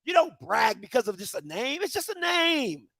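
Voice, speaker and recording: A man's voice: extremely high pitch, sing-song, moderate pace, vocal fry, pushed and bright, no echo. A man delivers a heated, emphatic opinion rant. He hammers home repeated rhetorical questions. The sound is dry and close to the mic. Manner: emphatic, repetitive rhetorical questions, mock-voices others. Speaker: commentary show host.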